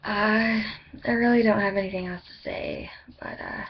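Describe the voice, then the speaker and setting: A woman's voice: medium pitch, fairly even intonation, normal speed, breathy edge. A woman casually telling a story to camera in a rambling, chatty way, swearing freely. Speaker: vlogger. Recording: dull lo-fi webcam audio with faint noise.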